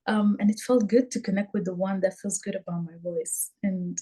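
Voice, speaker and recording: A woman's voice: mid-range voice, fairly even intonation, normal speed, dark tone, low-quality recording. A woman sharing her experience in a group workshop, hesitant and full of ums and restarts. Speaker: workshop participant.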